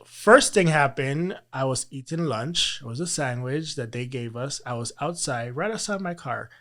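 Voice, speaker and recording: A man, a teacher, telling a personal story in an interview, earnest and halting, with frequent restarts. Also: mid-range voice, lively intonation, a bit bright. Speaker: teacher and guest.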